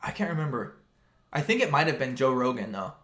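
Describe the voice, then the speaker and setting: A man's voice: mid-range voice, big pitch swings, brisk, fairly bright tone. A young man co-hosting a podcast, telling a long rambling story in casual chat, full of "like" and "dude". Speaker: podcast co-host. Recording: echoey room.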